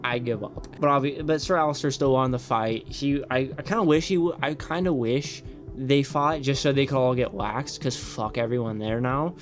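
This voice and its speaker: A young man hosting a reaction channel, rambling excitedly and swearing often in casual commentary. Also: mid-range voice, moderate pace, soft background music.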